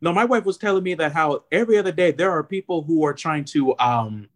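A married man co-hosting a casual podcast, relaxed and agreeable, telling stories about his wife. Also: fairly high pitch, a little fast. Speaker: podcast co-host. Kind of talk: casual chat.

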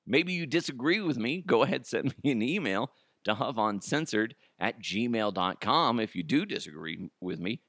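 A man's voice: mid-range voice, very animated, a little slow, a bit bright, dry recording, studio quality. A man hosting his solo podcast, ranting profanely and laughing at his own jokes. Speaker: podcast host.

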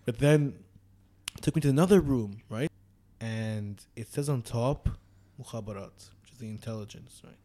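A man's voice: medium pitch, moderate pace, warm tone. A man telling a travel story to friends in a casual chat, acting out the voices and laughing often.

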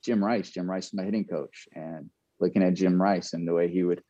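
A man's voice: deep voice, steady tone, a little fast, mellow, dry recording, dull audio. A man, a former ballplayer, reflecting in a casual interview and telling stories with frequent laughs and restarts. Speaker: guest, former pro baseball player.

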